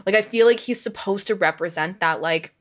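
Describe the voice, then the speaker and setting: A young woman with a mid-pitched voice co-hosts a podcast. She talks in a chatty, enthusiastic way and swears now and then. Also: a little fast. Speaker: podcast co-host. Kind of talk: casual chat.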